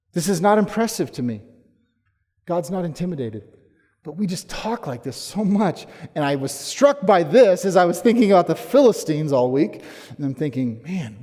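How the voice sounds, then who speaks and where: A man preaching a sermon as pastor, emphatic, rising to forceful challenges and then dropping low. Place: church sanctuary. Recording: long hall reverb.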